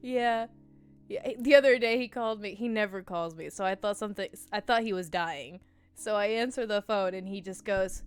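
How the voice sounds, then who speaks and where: A woman in her thirties chats loosely with a friend, laughing a lot and cursing without a second thought. Her voice comes through smooth and clear. Soft music plays faintly underneath. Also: on the high side, brisk, no room sound. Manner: laughing, swearing freely. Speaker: guest. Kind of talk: casual chat.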